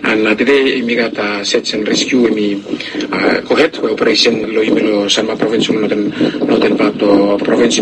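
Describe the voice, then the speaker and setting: A man's voice: lowish voice, background noise. A man, leading a search and rescue, speaking hesitantly with many fillers in a news interview. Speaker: rescue operation leader.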